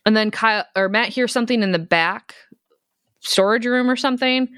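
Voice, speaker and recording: A woman's voice: on the high side, fairly quick, clean tone, dry recording, clean studio sound. A woman co-hosting a podcast, recapping a movie in casual chat and acting out the characters' lines. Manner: animated retelling, acts out characters' lines, swears freely. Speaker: podcast co-host.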